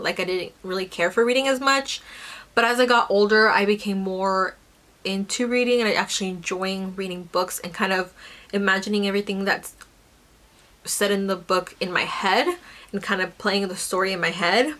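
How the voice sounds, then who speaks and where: A woman's voice: mid-range voice, sharp tone. A young woman chatting casually about her book haul, rambling with lots of fillers and self-corrections. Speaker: book vlogger.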